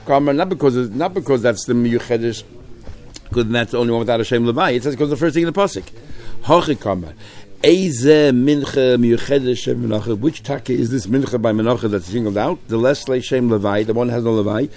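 Male Talmud teacher, lively, keeps asking the class questions. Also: mid-range voice, fairly quick. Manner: lively, mixes Hebrew-Aramaic terms into English, rhetorical questions.

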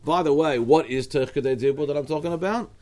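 A man's voice: fairly high pitch, quick pace, mellow. A man with an Australian accent teaching a Talmud study class, explaining step by step with frequent restarts and asides.

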